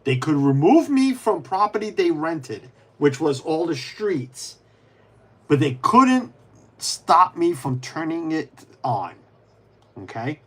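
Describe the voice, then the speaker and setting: This livestreamer's voice is on the high side, with big pitch swings, a slow pace and a breathy edge. Building on a casual stream, he rambles through many restarts, answers viewers by name, and mutters while fiddling with pieces.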